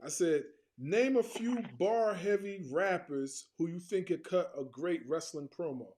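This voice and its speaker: A man asking interview questions in a hesitant way, pausing to find his words. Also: high voice, darkish tone, a little hiss or hum.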